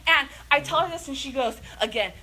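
This is a woman delivering an excited prophetic message in church. Her voice sits high and bright. She rambles happily, with plenty of fillers and frequent laughter. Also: fairly quick. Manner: excited and passionate, laughing often; chatty, many fillers. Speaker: church speaker.

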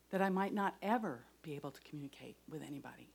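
A middle-aged woman giving a devotional talk and personal testimony, earnest, moving between raised voice and soft whispers. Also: deep voice, lively intonation, fast talker, creaky, breathy edge. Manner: earnest, shifts from loud to whispered.

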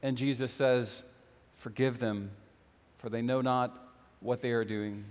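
A man's voice: mid-range voice, fairly even intonation, slow pace, long reverb tail. A man preaching a sermon as a pastor, earnest and questioning, repeating phrases for emphasis.

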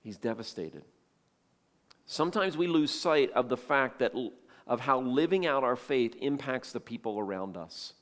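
A man's voice: mid-range voice, lively intonation, normal speed, in a large hall. A male pastor preaching a sermon, telling the story with feeling and acting out the voices of the people in it.

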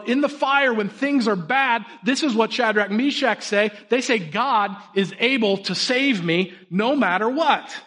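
A pastor in his thirties delivers a sermon as an energetic storyteller, moving between hushed, earnest passages and sudden emphatic bursts. His voice is high-pitched.

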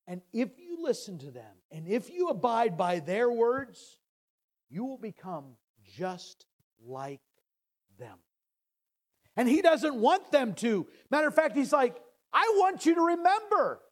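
A man preaching a sermon. He paraphrases scripture casually and swings from loud declarations to hushed words. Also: very high-pitched, big pitch swings. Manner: dramatic swings from loud to hushed, slow emphatic phrasing. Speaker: pastor.

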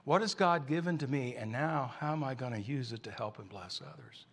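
A man's voice: mid-range voice, fairly quick, a bit bright. A man preaching a sermon, telling a story in a conversational way.

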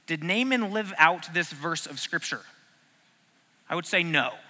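A man's voice: fairly high pitch, animated, a little slow, bright, forceful tone. A man preaching a casual sermon, joking and asking the audience questions as he teaches. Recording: long hall reverb.

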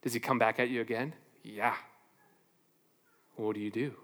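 A man preaching a sermon as pastor, animated, asking rhetorical questions and playing out little back-and-forth exchanges. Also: medium pitch, normal speed, long reverb tail.

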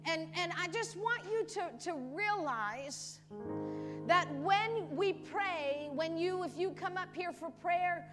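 A woman pastor preaching a sermon at a church service, animated and acting out pleading voices, laughing often. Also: very high voice, takes it slowly, long reverb tail, music in the background.

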